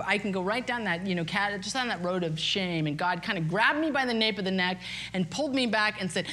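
A woman in her fifties telling a personal story in a candid, self-deprecating, animated way. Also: mid-range voice, fast talker. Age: 50s.

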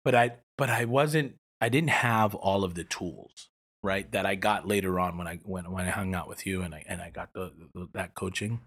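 Guest: young man, very deep and husky, earnest and rambling, church planter telling his story. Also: normal speed, fairly bright tone. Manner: earnest, rambling with many restarts. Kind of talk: personal storytelling in an interview.

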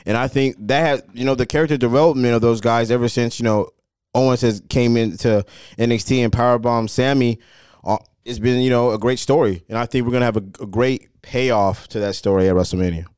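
A man giving steady, measured opinions with frequent fillers in a casual chat. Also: medium pitch, clear, resonant tone, no room sound, clean studio sound.

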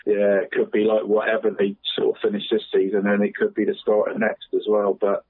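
A man on local radio talking about football, chatty and relaxed, saying "mate" constantly and chuckling often. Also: on the low side, a little fast, husky, no echo. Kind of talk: casual phone-in chat. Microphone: phone. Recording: tinny phone line.

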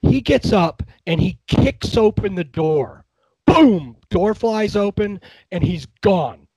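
Raised-pitch man telling stories, dry sound. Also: animated, slow, a little mellow, slightly rough, no echo, rough recording. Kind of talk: casual storytelling.

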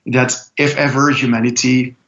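A man in casual conversation, talking with many fillers, restarts and pauses. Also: mid-range voice, flat delivery, a bit bright, dull audio.

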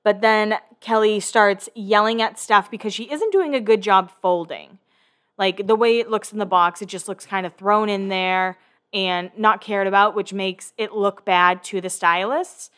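A woman's voice: mid-range voice, measured pace, clean tone. A young woman casually recapping a reality show episode, acting out the cast's lines and swearing freely. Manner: animated, acts out quotes from the show, swears casually. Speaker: recap podcast host.

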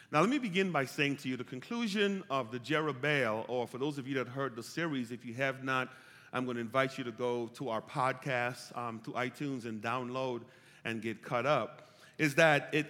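Bright-voiced pastor preaching in a church hall. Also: male voice, medium pitch. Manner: builds from calm teaching to loud, emphatic preaching with call-and-response. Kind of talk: sermon. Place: church sanctuary.

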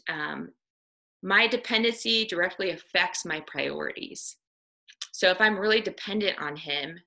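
A woman speaking slowly in a casual devotional talk, earnest and chatty, with plenty of ums and "right?" along the way. Her voice sits on the lower side and has a gravelly, fry-laden edge. The tone is bright and pointed, and she often laughs lightly as she talks. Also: low-quality recording. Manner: earnest, conversational, frequent ums and tag questions.

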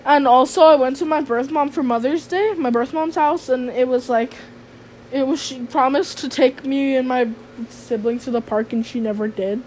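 A woman with a high, bright voice tells a casual storytime vlog. She rambles, swears freely and drips sarcasm. Faint background noise hums under her. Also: moderate pace. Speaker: vlogger.

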